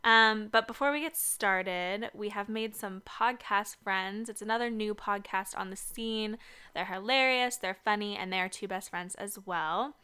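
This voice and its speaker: Bright, clear-voiced young woman co-hosting. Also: mid-range voice, measured pace. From Seattle area. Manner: upbeat, chatty. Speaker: podcast co-host. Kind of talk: casual chat. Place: basement home studio.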